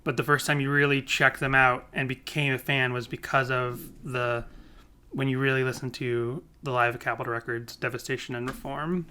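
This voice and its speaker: A man's voice: mid-range voice, steady tone, normal speed, bright, forceful tone, clean tone. A man co-hosting a casual podcast, rambling and correcting himself as he jokes along. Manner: rambling, self-correcting, joking. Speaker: podcast co-host.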